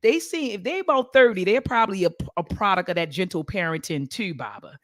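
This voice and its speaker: A man's voice: sits high, lively intonation, a little fast, a bit bright, no room sound, clean studio sound. A man in his forties hosting a live-streamed talk show, speaking emphatically, repeating his points and turning often to his guest. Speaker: talk show host and professor.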